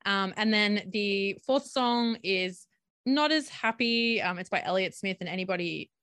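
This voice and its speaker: Chatty Australian woman, bright dry voice. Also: mid-range voice, expressive, measured pace, no room sound. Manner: chatty, lots of "like" and "um". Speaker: podcast co-host. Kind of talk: casual chat.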